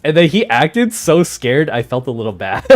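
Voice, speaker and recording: A man's voice: medium pitch, very animated, moderate pace. A man streaming live and chatting casually with viewers, rambling and easily distracted, often laughing. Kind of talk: casual chat with livestream viewers.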